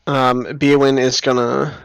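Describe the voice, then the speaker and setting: A player in a tabletop game, speaking slowly and matter-of-factly. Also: medium pitch, level tone, gravelly, clean tone, no room sound. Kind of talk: casual tabletop game play.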